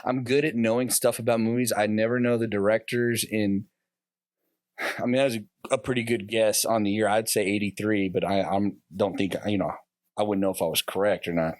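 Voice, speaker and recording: A man's voice: lowish voice, fairly even intonation, a little fast, dry recording, clean studio sound. A man appearing as a guest on a podcast, rambling about his own habits and acting out remembered conversations with his wife in casual talk. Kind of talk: casual conversation, personal reflection.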